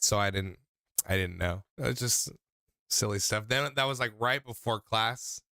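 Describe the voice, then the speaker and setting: A man's voice: medium pitch, a little fast, sharp tone, clean tone, dry recording. A young man hosting a call-in show, chatting loosely and rambling through stories with lots of fillers. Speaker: host taking calls. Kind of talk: casual call-in chat.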